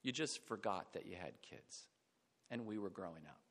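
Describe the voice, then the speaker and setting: A man's voice: low voice, expressive, normal speed. Man preaching in a reverberant hall. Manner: reflective, drops to a hush on sad points. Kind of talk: sermon.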